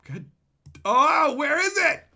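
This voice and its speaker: A man live-streaming as he opens card packs and reads viewer messages aloud, in profane, excitable, rambling banter. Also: very high voice, slow.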